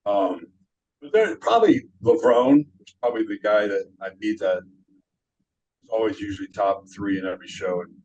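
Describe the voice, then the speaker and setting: Modest male interview guest, low voice, lo-fi recording; reflective and halting. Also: steady tone, darkish tone. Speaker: guest, former pro bodybuilder. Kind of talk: casual interview chat.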